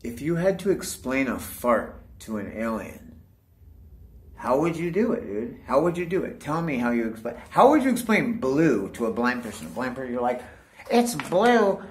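Male vlogger, loose rambling talk to camera, heavy swearing, keeps saying "dude", mid-pitched voice. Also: sing-song, normal speed. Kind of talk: casual rambling monologue to camera.

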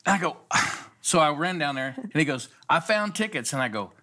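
A man's voice: a little high, moderate pace. A middle-aged man, a pastor, telling a story in a casual talk show, acting out the people he quotes. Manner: animated storyteller, acts out quoted voices.

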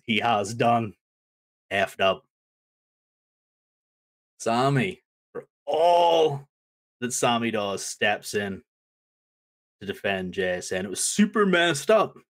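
A man's voice: medium pitch, expressive, unhurried, pauses often. A man hosting a podcast, animatedly recapping a wrestling segment and acting out the lines he quotes. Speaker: podcast host.

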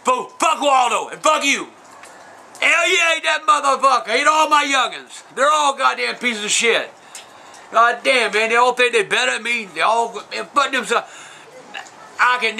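A man doing a shrill, foul-mouthed old trailer-park grouch. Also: gravelly, bright, forceful tone, a little hiss or hum, exaggerated voice, rough recording. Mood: cursing. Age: older. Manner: profane, rambling, insulting ranting. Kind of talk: comedic character Q&A.

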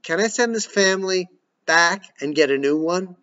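A man's voice: sits high, expressive, normal speed, bright, forceful tone, voice pushed up. A man voicing a tired, dry-humored mother. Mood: weary. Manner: dry, exasperated. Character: weary wry mother, tired of the family. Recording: dull lo-fi recording.

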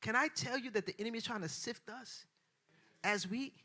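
A woman pastor preaching a sermon in a colloquial way, repeating phrases and rising from hushed passages to loud, shouted preaching. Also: fairly high pitch, fairly quick. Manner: colloquial, repeats phrases, acts out quoted voices.

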